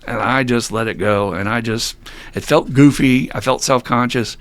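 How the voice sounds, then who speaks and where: A male podcast host in a middle pitch who recounts his own past openly. He talks bluntly and mocks himself, drops curse words freely and breaks into laughter often. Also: normal speed, fairly bright tone. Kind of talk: candid personal storytelling.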